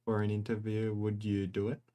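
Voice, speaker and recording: A man's voice: lowish voice, monotone, fairly quick, warm tone. A man reading viewer questions aloud to a host in a matter-of-fact way.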